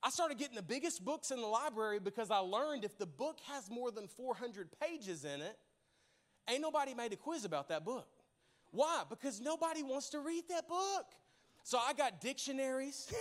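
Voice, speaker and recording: A young man preaches in church with a strikingly high-pitched voice. He tells playful stories, laughs easily, and keeps turning to the congregation to draw them in. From Arkansas. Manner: lively, humorous, laughs often, addresses congregation directly. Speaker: pastor. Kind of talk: sermon with storytelling.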